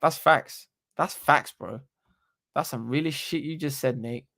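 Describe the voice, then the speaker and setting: A young man, hosting a casual live stream into a desktop microphone and talking in an animated, slangy, sweary way. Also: medium pitch, measured pace, gravelly. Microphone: desktop USB microphone.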